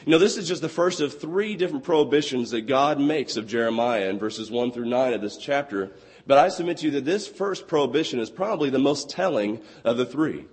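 Young male preacher with a hoarse, lost voice; earnest, slow on scripture, in a reverberant hall. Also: mid-range voice, animated. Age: 20s. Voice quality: husky. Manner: earnest, quotes scripture slowly and deliberately. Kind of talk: sermon.

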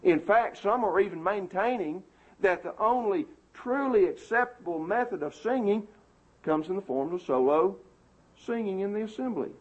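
A man's voice: high voice, expressive, normal speed, breathy edge. A man preaching an emphatic, indignant sermon to a congregation, recorded on a muffled lo-fi tape.

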